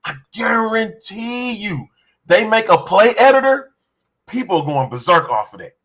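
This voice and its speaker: A man co-hosting a football podcast, his slightly high voice tumbling through ideas. He rambles and gets excited as he pictures new plays, keeping it loose and chatty. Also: a little slow. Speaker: podcast co-host. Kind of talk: casual sports podcast chat.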